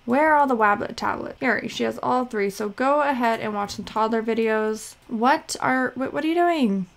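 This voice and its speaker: A woman's voice: a little high, normal speed, gravelly. A young woman casually commenting as she plays a life-simulation game, chatty and scattered, bossing her game characters around. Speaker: let's play host.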